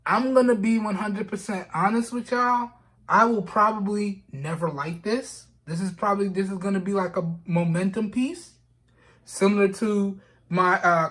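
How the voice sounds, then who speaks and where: Fighting back tears, a man vlogs an unboxing in a casual way, repeating himself and frequently saying "man" and "y'all." He's a product reviewer with a high-pitched, fairly bright voice.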